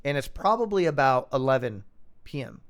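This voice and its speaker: A man in his thirties, a podcast guest, telling a long story in a casual, animated way with lots of fillers. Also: medium pitch, a little fast, clean tone. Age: 30s. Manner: animated anecdote, fillers and acted-out quotes.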